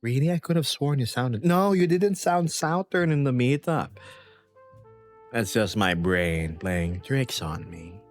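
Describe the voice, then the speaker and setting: A man chatting on his livestream in an unhurried, drawn-out way, his pitch bouncing up and down as he rambles playfully and answers chat. Faint music plays softly behind him. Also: lively intonation. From United States. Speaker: VRChat streamer.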